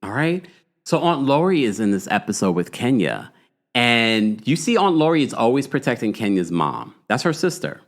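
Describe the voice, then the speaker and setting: A man's voice: mid-range voice, normal speed. A man hosting a live reality TV recap stream, chatting casually and reading out viewer comments. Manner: chatty and animated, with frequent fillers and asides to viewers. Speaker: host of a reality TV recap livestream.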